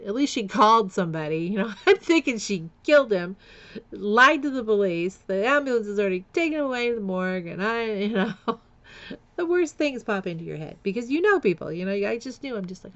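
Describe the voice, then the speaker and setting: A woman's voice: medium pitch, lively intonation, brisk, a bit bright, highs cut off. A woman vlogger candidly telling a painful family story, with nervous laughs and repeated words. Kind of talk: personal storytelling vlog.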